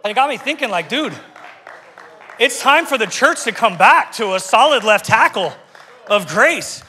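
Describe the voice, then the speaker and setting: A middle-aged man preaching a lively, conversational sermon to a congregation, breaking off and restarting his sentences. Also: extremely high pitch, normal speed, breathy edge, a faint crowd. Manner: energetic, conversational, self-interrupting. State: getting out of breath. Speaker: pastor. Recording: reverberant church hall.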